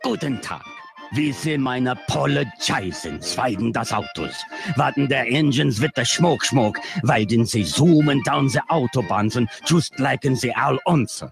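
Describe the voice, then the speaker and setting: Bumbling mock German exec, a radio host doing the voice, raspy, bouncy pitch, music bed. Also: male voice, animated, unhurried. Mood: mock solemn. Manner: mock German gibberish mixed with English, silly. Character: mock German car company chief, bumbling apology.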